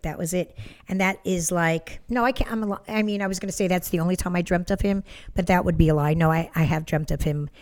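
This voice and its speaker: Lower-voiced woman chatting in a group. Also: a little mellow. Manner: chatty, with restarts. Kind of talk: casual group discussion. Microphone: handheld microphone.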